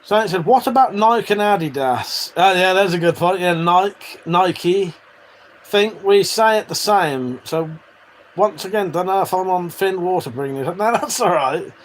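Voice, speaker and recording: Man, livestream host, blunt and sweary, slightly high voice, faint background hum. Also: lively intonation, normal speed. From Britain. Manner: swears freely, laughs often, jokey and blunt. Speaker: livestream host reading chat. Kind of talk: casual livestream chat.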